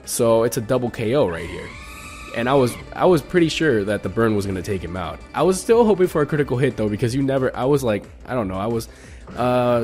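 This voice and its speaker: Young guy narrating his own game match, gets worked up, laughs at himself, some music underneath. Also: mid-range voice. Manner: excitable, self-mocking, lots of "I'm like" retellings. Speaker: channel host commentating his own battle. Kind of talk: casual game commentary over a recorded battle.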